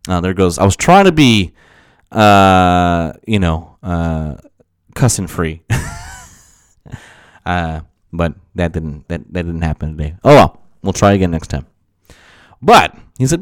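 A man's voice: on the low side, normal speed, dry recording. A young man talks through his solo podcast in a loose, rambling way, swearing freely as he pep-talks himself. His voice sounds worn and strained. The sound is dry and close to the mic. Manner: profane, rambling, self-motivating with frequent laughs. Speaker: podcast host. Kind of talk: casual solo podcast monologue.

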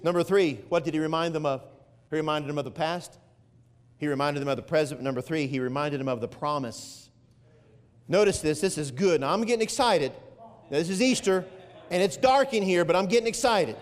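A man with a notably high voice preaches from the pulpit, leaning hard on key phrases and drawing them out. His words ring through a church sanctuary with a long reverb trailing behind. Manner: preaching with swelling emphasis and drawn-out phrases. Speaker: pastor. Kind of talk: sermon.

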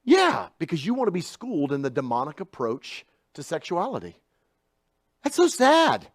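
Preacher swinging from hushed to loud. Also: male voice, fairly high pitch, sing-song, a little fast, no echo. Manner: conversational storytelling preaching; swings from hushed asides to loud emphatic bursts. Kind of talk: sermon.

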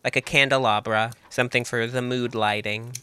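A man's voice: mid-range voice, steady tone, normal speed, pushed and bright, clear, resonant tone, dry recording. A man playing a tabletop game, describing his character's actions. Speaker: player.

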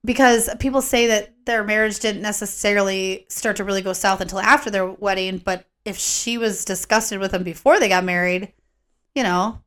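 A woman's voice: medium pitch, a bit bright. Chatty woman podcast host, slightly slurred. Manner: chatty, rambling with fillers. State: coughing, slurring words. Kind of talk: casual true-crime podcast chat.

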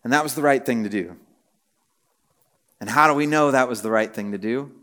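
A man's voice: mid-range voice, a little fast, pushed and bright. A man preaching a casual teaching sermon, talking conversationally with many fillers and building to emphatic, repeated phrases. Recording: long hall reverb.

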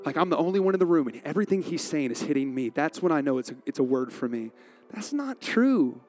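A man pastor preaching a sermon in a conversational, animated way, acting out quotes from the story. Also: fairly high pitch, fast talker, soft background music.

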